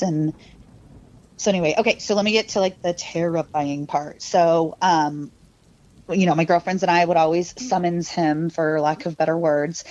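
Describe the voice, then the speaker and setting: A woman's voice: lowish voice, a little mellow. A woman casually telling a personal ghost story on a podcast, rambling with lots of fillers and quoting people in changed voices. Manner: rambling, filler-heavy, laughing; mimics her younger self and cousin in quoted lines. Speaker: podcast guest. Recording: dull, lo-fi, dry sound.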